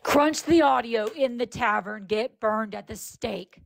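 A woman's voice: fairly high pitch, a little slow, creaky, slight background noise. A woman hosting a live stream, running an improvised tavern role-play in a theatrical, mock-archaic tavern-keeper manner into a phone.

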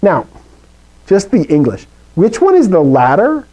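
A man leads a Greek lesson in a classroom full of students. His voice sits a little high yet sounds mellow and warm. He talks in an animated way, with big pitch swings and playful asides. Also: a little slow, low-quality recording. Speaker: Greek teacher. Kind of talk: live classroom lecture.

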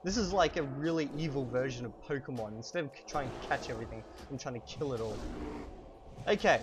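A man teaching vocabulary in a casual, chatty way while playing a game at home, repeating each word slowly for learners, a little hoarse from a cold. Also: medium pitch. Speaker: language teacher. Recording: steady background noise.

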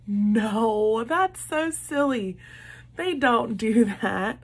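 A woman teacher speaking slowly and patiently to young children, drawing out each word as she counts its parts. Her fairly high voice has a gravelly, slightly husky edge. She keeps praising and coaxing her listeners along. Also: animated. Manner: slow, patient, encouraging, claps out words syllable by syllable. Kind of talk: classroom lesson for young children.

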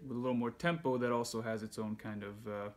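A man with an ordinary middle pitch teaches a casual music lesson. He talks in a relaxed way and counts the beats aloud as he goes. Soft handpan notes ring faintly behind his voice. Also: fast talker. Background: handpan playing.

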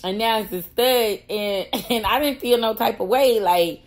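A woman, a pastor, telling a personal story in a casual vlog, animated and slangy, laughing often and talking straight to her viewers. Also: fairly high pitch, measured pace, hardly any pauses. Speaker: pastor and prison wife.

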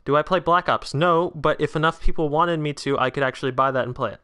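Fast and clean-toned, with a voice on the high side, a nineteen-year-old man runs a casual livestream. He talks with viewers, reads out their comments, and bursts out excitedly when a big chance appears.

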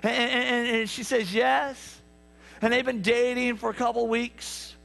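A man preaching a sermon, telling stories with lively asides to the congregation. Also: very high voice, unhurried, creaky, faint music behind. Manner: animated storytelling with asides to the congregation. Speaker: pastor. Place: church sanctuary.

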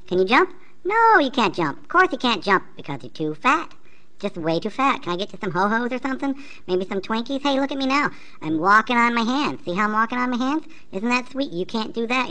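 A woman voicing a hyper, lonely child who talks too fast and gets giddy and taunting in a comedic character voice. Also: mid-range voice, fairly bright tone, lightly acted.

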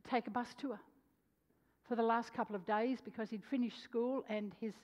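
A woman preacher telling a story in a sermon, animated, swinging between loud and hushed delivery. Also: a little high, normal speed. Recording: dull lo-fi sound with long hall reverb.

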